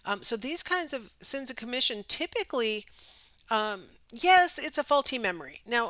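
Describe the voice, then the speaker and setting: A middle-aged woman giving a recorded psychology lecture, her voice bright and smooth. She talks in a loose, conversational way, full of ums and checking in with a quick "right?". The sound is close and dry, with no room around it. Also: mid-range voice, no room sound. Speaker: psychology instructor.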